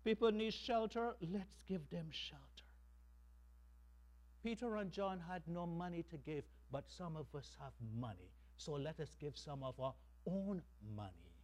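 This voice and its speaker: Animated male preacher with lively pitch. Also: moderate pace, hardly any pauses. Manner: animated preaching, rising to loud emphatic calls. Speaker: pastor. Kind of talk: sermon.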